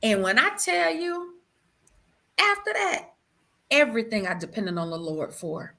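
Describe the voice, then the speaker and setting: A woman with a fairly high, bright voice shares her personal testimony on an interview show. She is animated and exclamatory and addresses her listener as "girl". She sinks to hushed tones at solemn moments, and her pitch rises and falls widely. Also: unhurried, vocal fry. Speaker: guest sharing her testimony. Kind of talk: emotional personal storytelling.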